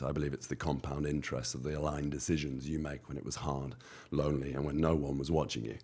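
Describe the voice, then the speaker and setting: British entrepreneur guest, very deep voice, punchy motivational delivery. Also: male voice, darkish tone, slightly rough. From United Kingdom. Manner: emphatic, motivational, repeats phrases. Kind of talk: podcast interview.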